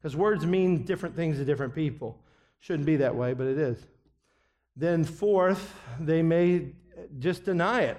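A middle-aged man lecturing a counseling class, his voice sitting a little higher than most men's. He speaks earnestly and deliberately, often trailing off quietly as a thought winds down. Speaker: biblical counseling instructor.

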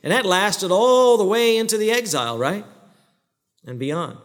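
A man's voice: high-pitched, sing-song, a little slow, a bit bright. A man preaching a sermon as the pastor, emphatic, throwing questions at the congregation and answering them himself. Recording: long reverb of a large hall.

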